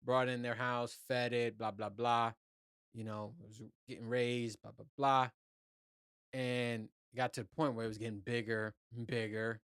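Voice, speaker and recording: A man's voice: medium pitch, level tone, moderate pace, a bit bright, clean tone, no echo, clean studio sound. Rambling, profane male podcast host. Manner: rambling, profane, laid-back. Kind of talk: casual solo podcast monologue.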